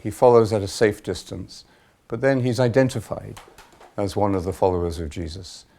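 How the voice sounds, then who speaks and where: Man, monk retreat leader, deep voice, gravelly, reflective talk, measured with pauses. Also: steady tone, warm tone. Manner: measured, thoughtful, pauses with frequent fillers.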